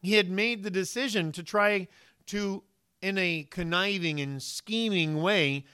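Pastor, male, high bright clear voice, animated sermon storytelling with acted-out quotes. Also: unhurried.

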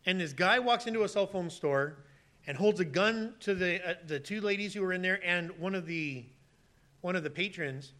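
Animated high-voiced preaching man. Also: moderate pace. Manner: animated preaching, acts out pleading voices with sudden loud high bursts. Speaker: pastor. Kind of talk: sermon.

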